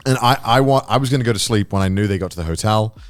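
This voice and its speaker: A man's voice: on the low side, very fast, no room sound, soft background music. A man co-hosting a podcast, telling a rambling story and acting out quoted dialogue. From Wales. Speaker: podcast co-host. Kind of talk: casual chat.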